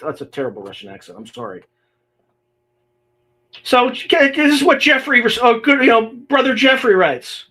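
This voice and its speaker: A man's voice: very high voice, big pitch swings, moderate pace, creaky, pauses often, sharp tone. A man hosting a livestream podcast, talking casually and reading emails aloud with exasperated, sarcastic asides. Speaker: podcast host.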